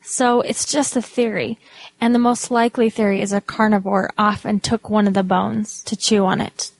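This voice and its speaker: A woman's voice: medium pitch, little pitch movement, moderate pace, no echo. Woman host narrating a podcast.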